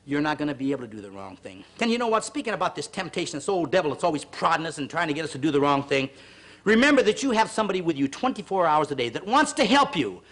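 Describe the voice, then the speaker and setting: A fast-talking, very animated man with a fairly high, bright voice runs a televised exercise session. He calls out reps, urges people on, and drifts into earnest, preachy pep talks.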